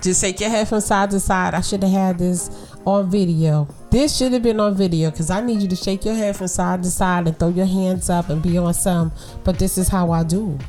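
A mother hosting a podcast, talking straight to her listeners in a lively, encouraging way. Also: lowish voice, moderate pace, faint music behind. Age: adult with children. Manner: animated, talks straight to listeners with lots of "okay?" and "girl". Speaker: podcast host. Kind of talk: casual encouraging monologue.

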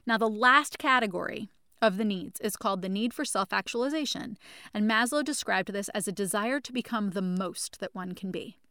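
A woman with a medium-pitched, pushed and bright voice speaks at normal speed, teaching a spoken lesson on mental health for her podcast. She stresses and repeats key points while calling her listeners friends, recorded dry on a studio microphone.

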